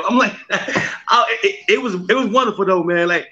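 A man's voice: sits high, normal speed. A man who makes comedy skits, talking casually in an interview and acting out the voices in his stories, laughing often. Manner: animated storyteller, acts out quoted voices, laughs often. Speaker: comedian and skit maker. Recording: slightly muffled lo-fi sound.

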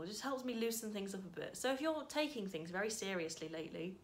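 Woman, vlogger, talking to camera, mid-pitched, gentle, grateful, reflective, bright bursts. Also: animated, quick pace. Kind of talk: casual heartfelt vlog to camera.

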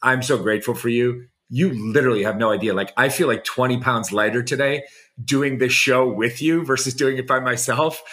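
A man co-hosting a podcast, chatting casually and warmly, with many fillers like "like". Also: mid-range voice, a little fast. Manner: effusive, heavy use of "like", warm praise. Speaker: podcast co-host. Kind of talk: casual chat.

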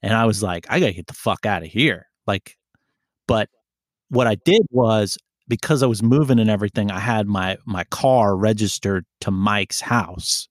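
A man's voice: fairly low pitch, moderate pace, no echo, clean studio sound. Profane New man telling a story. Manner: profane, rambling, animated storytelling. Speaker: podcast co-host telling a story. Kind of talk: casual storytelling chat.

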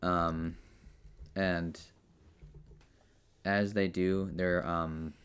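A young man co-hosting a comedy podcast, setting up an absurd scenario in a deadpan way with many pauses and ums. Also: sits low, clear, resonant tone. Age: young adult. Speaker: podcast co-host running the improv scenario. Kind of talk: casual improv chat.

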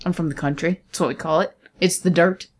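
A woman co-hosting a podcast in casual chat, talkative and animated and often laughing. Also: fairly low pitch, a little fast, slightly rough. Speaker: podcast co-host.

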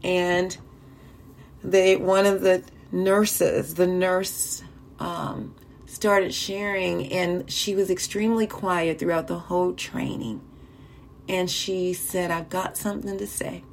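Slow-speaking, earnest woman preacher. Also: on the low side, little pitch movement, vocal fry, slight background noise. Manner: earnest storytelling, acting out quoted people; heartfelt and urgent. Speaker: church speaker. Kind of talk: testimony sermon.

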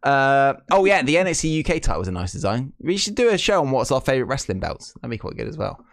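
A man's voice: medium pitch, big pitch swings, fast talker, vocal fry, no echo, studio quality. Opinionated British man ranting on a podcast. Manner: opinionated, rants loudly and repeats himself. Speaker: podcast co-host. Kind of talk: casual wrestling podcast chat.

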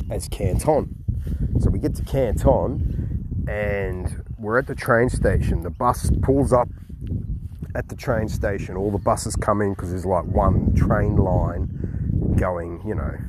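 A man with an Australian accent telling a travel story in a rambling way, swearing often and restarting sentences. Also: low-pitched. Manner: rambling and profane, with many restarts. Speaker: travel vlogger. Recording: noisy recording with clicks. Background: steady background noise.

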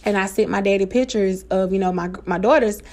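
A woman's voice: medium pitch, a little fast, a little mellow. A woman in her thirties with a Black American vernacular accent, talking straight to her listeners in a loose podcast rant. She is candid and emotional, swears freely and laughs often, in a mid-range voice. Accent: African American Vernacular English. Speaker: podcast host. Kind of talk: casual personal podcast monologue.

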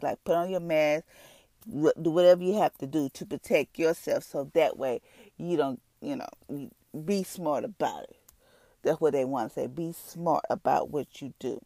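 Woman, informal devotional speaker who leads spoken prayer, has a low gravelly texture and a dry, close sound. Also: warm tone, no echo. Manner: conversational, repeats "Father, Lord" while praying.

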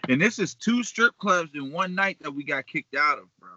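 A man's voice: fairly high pitch, normal speed, a little hiss or hum. Man from Pittsburgh telling wild stories. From Pittsburgh, Pennsylvania. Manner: animated storytelling, profane, laughs often. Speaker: guest, hip-hop artist. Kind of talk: casual podcast chat. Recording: dull, dry lo-fi recording.

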